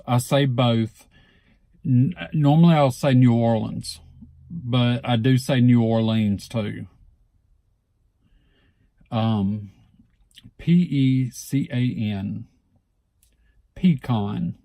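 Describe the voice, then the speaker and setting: A man with a Southeast Alabama accent, casually reading a word list for his vlog and repeating each word slowly and deliberately. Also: medium pitch, fairly even intonation, vocal fry, warm tone, no echo. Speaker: vlogger.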